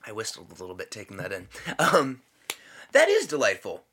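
Bright, husky, lively man. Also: on the low side. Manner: playful, jokey, quick reactions. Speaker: podcast co-host. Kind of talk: casual chat.

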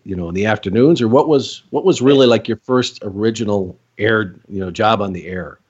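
A man's voice: lowish voice, a little mellow, slightly rough. A man in his fifties hosting a podcast interview, asking rambling questions with jokey asides. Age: 50s. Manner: jokey, quick asides and laughs. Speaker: podcast host. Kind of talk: casual interview chat. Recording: slightly dull lo-fi audio.

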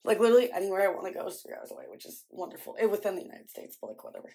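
A woman's voice: mid-range voice, wildly swooping pitch, rapid-fire, gravelly, dark tone, breathy edge. A young woman from the American Midwest, chatting casually to the camera in a vlog, scattered and exasperated, with lots of "like" fillers. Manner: frequent "like" fillers. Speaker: vlogger.

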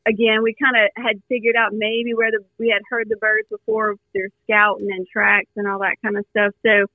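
A woman from Louisiana, a guest telling her hunting story in an earnest, animated way with lots of fillers, heard over a phone line. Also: mid-range voice, no echo. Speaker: guest hunter. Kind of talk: storytelling in a podcast interview.

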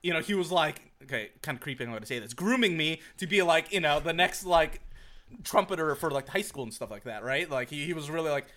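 A young man from Virginia co-hosting a podcast, telling stories in an animated, profane, laugh-filled casual chat. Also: fairly high pitch, fast talker. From Virginia, USA. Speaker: podcast co-host. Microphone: podcast mic on a group call.

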